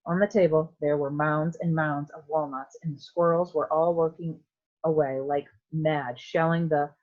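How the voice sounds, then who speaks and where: A woman teacher reading a novel aloud to her students in a clear, steady storytelling manner. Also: sits low, normal speed, highs cut off.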